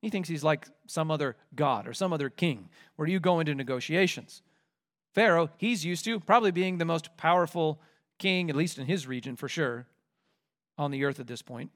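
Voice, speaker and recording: A male preacher with a fairly high voice, working through scripture verse by verse. He speaks earnestly and leans hard on his key points. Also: normal speed, a bit bright. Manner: earnest, emphatic. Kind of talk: expository sermon.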